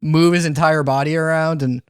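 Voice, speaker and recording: A man co-hosting a podcast, talking casually and musing out loud with lots of fillers. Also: on the high side, steady tone, moderate pace, clear, resonant tone, no room sound. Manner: dry, musing, full of "like" fillers. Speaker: podcast co-host. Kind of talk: casual chat.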